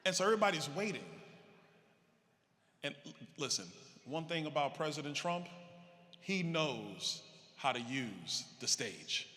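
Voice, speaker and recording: A man with a slightly high, forceful voice tells a story from a convention stage, playing every part with animated energy. The reverb from the big hall lingers around him, and a faint murmur of ambience sits underneath. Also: a little slow, long pauses. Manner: animated, acts out quoted dialogue. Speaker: politician giving a convention speech. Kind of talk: storytelling speech to a live audience.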